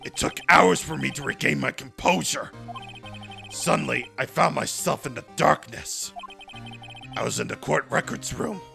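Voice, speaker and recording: A streamer voicing a shaken young male prosecutor narrating his thoughts in a video game, in a low, hushed voice. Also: lively intonation, normal speed, gravelly, faint music behind, exaggerated voice. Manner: low, hushed inner monologue. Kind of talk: reading game narration aloud.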